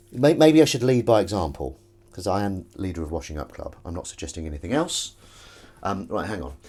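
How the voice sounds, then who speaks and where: A man chatting casually on a live stream while he washes up in his home kitchen, rambling and self-mocking as he reads viewers' comments. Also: fairly low pitch. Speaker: streamer hosting a washing-up livestream. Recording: dish clatter in the background. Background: clattering dishes and cutlery.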